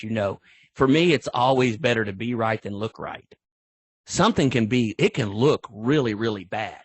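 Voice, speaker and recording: Husky middle-aged man, animated storyteller. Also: a little high, dry recording. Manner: animated storyteller, acts out sideline exchanges. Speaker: veteran football referee, guest. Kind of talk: casual podcast interview.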